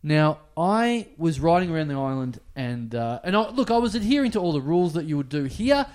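A man's voice: a little high, big pitch swings, a little fast, darkish tone. A man, co-hosting a podcast and telling a rambling anecdote in casual chat, acting out bits of dialogue. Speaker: podcast co-host.

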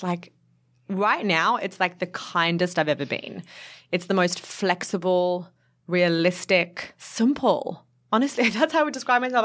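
A woman nutritionist and author, talking as a guest in a casual chat, quick and chatty and laughing often. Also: medium pitch, a bit bright.

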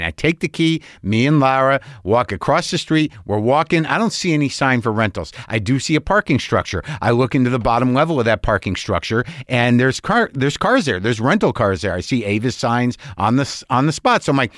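A man in his sixties, telling a long story in casual monologue, animated and exasperated, swearing and acting out both sides of the dialogue. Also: medium pitch, a little fast, hardly any pauses, no echo, studio quality.

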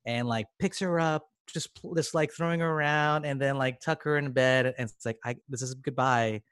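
A man's voice: on the high side, fairly even intonation, normal speed, fairly bright tone, clean tone, no room sound, clean studio sound. A man co-hosting a podcast, talking eagerly about a film in a rambling way, full of fillers. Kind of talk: casual movie discussion.

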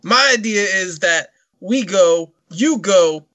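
A man putting on a laid-back stoner man scheming up a plan, with a drawn-out, rambling delivery. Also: high voice, animated, pushed and bright, exaggerated voice.

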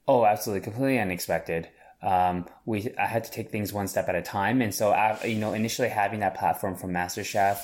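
Earnest deep-voiced man in interview. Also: fairly even intonation, quick pace, few pauses. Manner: earnest, with frequent restarts. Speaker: guest, chef and business owner. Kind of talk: interview answers.

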